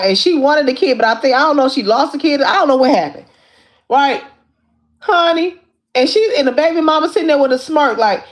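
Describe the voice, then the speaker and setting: High-voiced woman chatting on a livestream. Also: fairly quick. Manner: animated, repetitive storytelling with frequent asides. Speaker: livestream host. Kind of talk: casual recap of a reality show.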